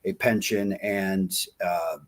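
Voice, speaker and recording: A man in his forties telling war-buddy stories in a folksy, animated way on a casual interview. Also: deep voice, slow pace. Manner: folksy, animated, acts out quoted dialogue. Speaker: podcast guest, diving company founder.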